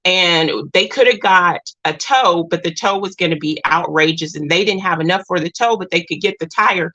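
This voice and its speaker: A woman's voice: on the low side, moderate pace, pushed and bright, poor audio. A woman telling a personal story in a casual vlog, earnest and rambling, with restarts and moments near tears. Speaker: vlogger.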